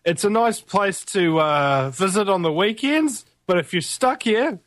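Young kiwi guy, higher voice, blunt and sarky, dry close sound. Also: lively intonation, unhurried, fairly bright tone, no room sound. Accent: New Zealand. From New Zealand. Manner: blunt and sarcastic, casual swearing. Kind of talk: casual chat.

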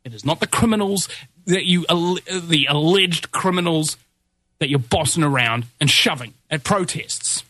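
A man's voice: on the high side, normal speed, pushed and bright, no echo. A man hosting a talk show, ranting with heated emphasis. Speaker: show host.

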